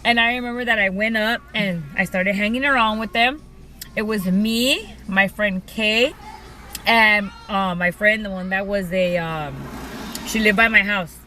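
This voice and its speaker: A woman's voice: mid-range voice, measured pace, pushed and bright, low-quality recording. A young woman casually telling a personal story to her viewers, chatty and full of "like" and "you guys". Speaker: vlogger.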